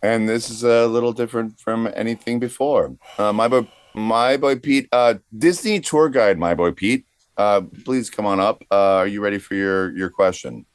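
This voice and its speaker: Man, podcast co-host, slightly low voice, hesitant rambling delivery, dry close sound. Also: moderate pace, clean tone, no room sound. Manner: rambling, hesitant, lots of fillers. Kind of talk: comedic podcast banter.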